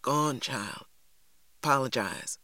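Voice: mid-range voice, lively intonation, slow, no room sound. Brief: reader as a scared but stern older grandmother, firm short orders. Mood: urgent, firm. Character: frightened Southern grandmother protecting a child.

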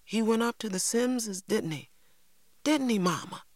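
A woman voicing a spirited, defiant young girl in an audiobook, indignant and quick to argue back. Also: on the high side, expressive, a little mellow, dry recording, clean studio sound, pitched above the performer's own voice. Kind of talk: audiobook character voice.

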